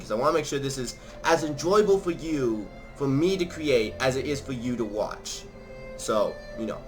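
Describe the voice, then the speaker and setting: Man, gaming host, quick chatty talker with a theatrical streak, middle pitch. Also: a bit bright. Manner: fast-talking and chatty; theatrical, changes voices for fun. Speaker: let's play host. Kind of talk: casual gaming commentary.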